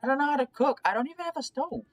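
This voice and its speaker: A man doing a shrill, excitable young guy. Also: racing. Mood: excited. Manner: high, loud, alarmed yelps.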